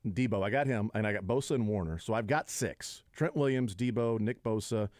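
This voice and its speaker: A man's voice: fairly quick, a little mellow, no room sound, clean studio sound. A man co-hosting a casual sports radio talk show, jokey and prone to slipping into impressions. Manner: jokey, slips into impressions and high-pitched bits. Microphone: studio microphone.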